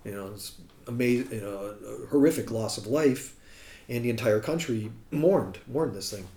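An American musician appearing as a guest tells a casual anecdote in a mid-range voice at normal speed. He animates the story by acting out the people he quotes, and the recording has a roomy echo.

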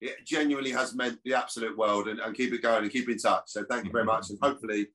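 A man's voice: lowish voice, steady tone, fast, pushed and bright. Chatty man, rambling. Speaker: actor guest. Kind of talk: casual podcast chat.

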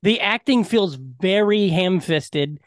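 A man's voice: high-pitched, expressive, slow, no room sound, clean studio sound. A man co-hosting a podcast, telling rambling, profane comic stories in casual chat. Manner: rambling, profane, jokey storyteller. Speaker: podcast co-host.

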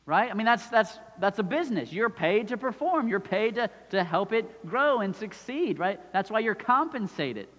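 A pastor in his thirties preaches a sermon conversationally, often tossing in "right?" to check in with listeners. His voice is high, sing-song and slightly bright, moving at a moderate pace with hardly any pauses. The recording sounds dull, with long hall reverb.

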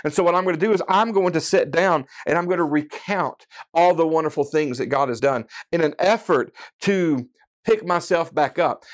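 Male preacher, slightly high voice, casual conversational sermon, lots of check-ins. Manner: conversational, enthusiastic Bible teaching with frequent "okay?" check-ins.

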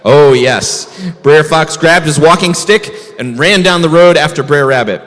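A man's voice: fairly high pitch, measured pace, a bit bright, long reverb tail. A man, a rabbi, telling a folk tale to children in a folksy way, asking the kids questions. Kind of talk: storytelling to children.

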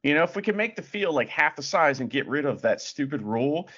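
A man's voice: on the high side, very animated, brisk, fairly bright tone, dull audio. A man co-hosting a podcast, chatting casually and joking profanely as he reads facts aloud with sarcastic asides. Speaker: podcast co-host. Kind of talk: casual chat.

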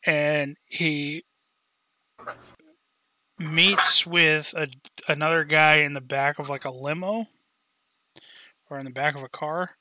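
A man talking casually about a film on a podcast, with quick, wry asides. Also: fairly high pitch, fairly even intonation, background noise. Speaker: podcast guest or co-host. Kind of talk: casual movie discussion.

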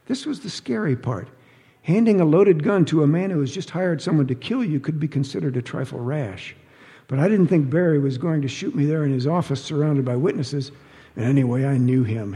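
A man's voice: medium pitch, moderate pace, warm tone, slightly rough, in a large hall. A man narrating an audiobook in a dry, wry storytelling manner.

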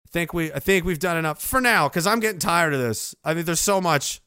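A man's voice: a little high, animated, fairly quick, sharp tone, smooth, no echo, clean studio sound. A man streaming casually, reading out chat messages with a sarcastic, rambling manner. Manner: sarcastic, rambling, many fillers.

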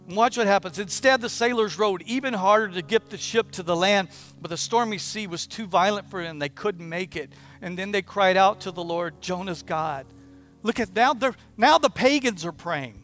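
A male pastor delivers a sermon in an animated storytelling manner, acting out quoted prayers with feeling. His voice sits high for a man. Faint music plays behind him.

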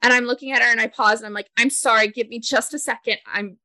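Bright chatty woman telling a story, laughs a lot, dry close sound. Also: a little high, steady tone, dry recording. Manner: chatty, laughing, halting retellings. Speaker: podcast co-host. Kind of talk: casual chat, storytelling.

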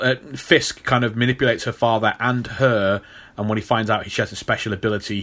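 Bright-voiced man, rambling and teasing. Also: mid-range voice. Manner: rambling, teasing, many restarts. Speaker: podcast co-host. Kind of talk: casual movie podcast chat.

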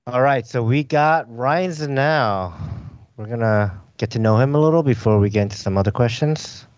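A man's voice: medium pitch, normal speed, no echo, muffled recording. A man hosting a podcast in casual chat, talking in a rambling way full of fillers. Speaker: podcast host.

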